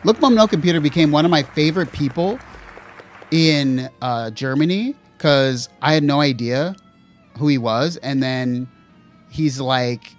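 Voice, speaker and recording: A man's voice: a little high, a little slow, faint music behind, a faint crowd. A man co-hosting a gear podcast livestream in a casual chat, rambling with lots of fillers and self-deprecating asides. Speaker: podcast co-host.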